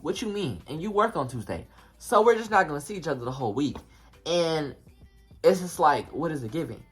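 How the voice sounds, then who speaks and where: Husky-voiced young man telling a storytime. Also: a little high, brisk. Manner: animated, slangy, talks straight to viewers. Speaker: vlogger. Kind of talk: casual storytime monologue.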